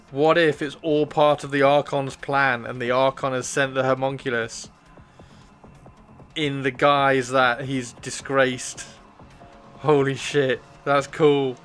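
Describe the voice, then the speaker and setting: Brief: male streamer, bright voice, chatty and enthusiastic, faint music behind. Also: mid-range voice. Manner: chatty, laughing, enthusiastic, repeats words. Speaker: livestream host. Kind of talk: casual livestream chat.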